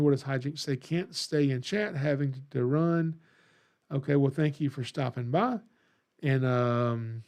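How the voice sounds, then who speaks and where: A man hosting a podcast, telling a story in a rambling, animated way and reading out live chat comments. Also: medium pitch. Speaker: podcast host. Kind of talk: casual livestream podcast chat.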